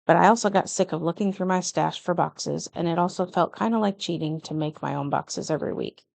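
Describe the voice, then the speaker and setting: A woman's voice: fairly low pitch, fairly quick, creaky, a little mellow, dry recording. A middle-aged woman chatting through a plan-with-me vlog, a little nervous and often correcting herself as she goes. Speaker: planner vlogger. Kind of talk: casual plan-with-me narration.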